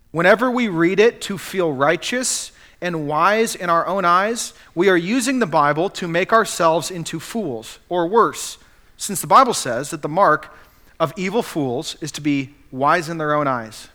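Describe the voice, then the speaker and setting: A man's voice: fairly high pitch, measured pace, pushed and bright. A man preaching a sermon as pastor, earnestly acting out the quotes he cites.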